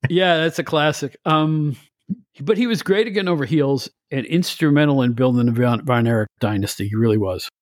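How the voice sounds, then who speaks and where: A man chatting on a podcast as a guest, telling stories in an animated, opinionated way with frequent restarts. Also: mid-range voice, a little fast, no room sound, studio quality. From United States. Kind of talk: casual chat.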